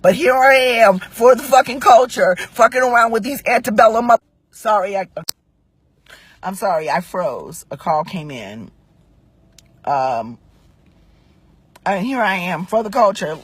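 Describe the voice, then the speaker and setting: Brief: woman, 40s, husky, very animated pitch, blunt and profane vlog monologue. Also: unhurried, long pauses. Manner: blunt, profane, emphatic storytelling. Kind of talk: heated monologue to camera.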